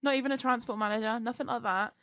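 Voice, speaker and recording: A young woman, co-hosting a podcast, telling a work story in casual, sweary chat and mimicking other people in higher voices. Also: fairly even intonation, quick pace, fairly bright tone. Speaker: podcast co-host, truck driver.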